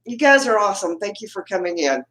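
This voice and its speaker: A woman's voice: mid-range voice, very animated, fast, fairly bright tone. A Texan woman hosting a casual live chat with her viewers from home, chatty and laughing often as she greets them by name. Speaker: livestream host. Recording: roomy echo.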